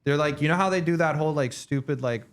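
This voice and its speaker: A man, telling a story in a profane, animated way as a podcast co-host. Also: a little high, quick pace. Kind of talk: casual chat.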